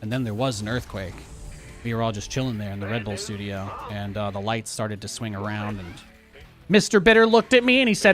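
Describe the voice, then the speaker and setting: A man's voice: lowish voice, lively intonation, a little fast, a bit bright, faint music behind. A young man from New York City streaming a game and chatting casually, with sarcastic, ranting asides. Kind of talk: casual live-stream chat.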